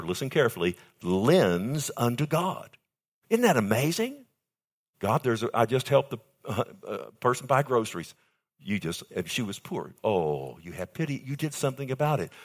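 An older man preaching a sermon as pastor, calling out to his congregation and stretching key phrases slowly for emphasis. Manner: emphatic preaching with sudden high pitch jumps and slowed key phrases; calls out to congregation with "amen" and "loved one".

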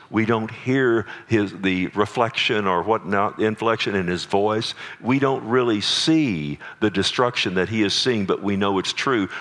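Low-voiced pastor preaching with emphasis. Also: male voice, a bit bright. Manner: earnest, emphatic preaching with restarts and asides; jokes with the congregation. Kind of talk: sermon teaching.

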